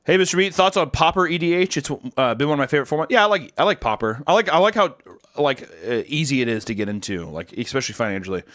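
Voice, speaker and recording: A young man streamer riffs casually with his chat, crude and jokey, his voice leaping up and dropping into mumbles. His pitch sits a little high and very animated. The sound is close and dry. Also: quick pace, no echo. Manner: crude, jokey, swings between loud bursts and low mumbles.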